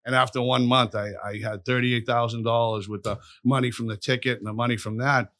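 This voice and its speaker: Dude rambling through crazy stories, cussing a lot, bright punchy voice. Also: male voice, medium pitch, a little fast. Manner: profane, rambling, animated storyteller. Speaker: podcast guest. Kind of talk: storytelling in a casual interview.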